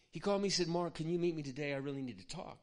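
A man preaching, telling a personal story in an earnest, confiding way that often drops to a hush. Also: a little high, fast. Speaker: pastor. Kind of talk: sermon storytelling.

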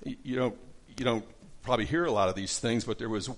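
A man's voice: medium pitch, quick pace. A middle-aged man teaching a casual Bible study lesson, conversational, with many fillers and restarts.

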